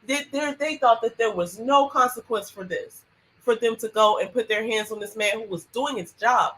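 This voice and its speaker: A woman co-hosting a podcast in casual chat, expressive and quick to react. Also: on the high side, low-quality recording. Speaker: podcast co-host.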